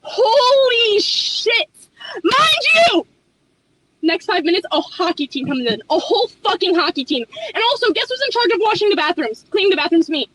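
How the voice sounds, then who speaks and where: Young woman, very high voice, sharp tone, profane exasperated rant, storytime vlog. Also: very animated, rough recording. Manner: fast, profane, exasperated ranting. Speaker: restaurant hostess.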